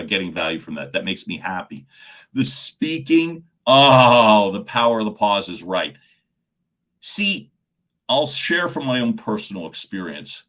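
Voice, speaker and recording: Lively, animated male coach. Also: lowish voice. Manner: animated, answers viewers' chat comments by name; stumbles and repeats words when excited. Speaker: communication coach. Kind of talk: livestream coaching talk.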